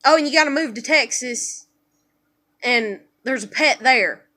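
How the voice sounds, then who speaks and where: A woman's voice: high-pitched, measured pace, sharp tone. A young woman venting in a personal vlog, profane and exasperated as she rants. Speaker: vlogger.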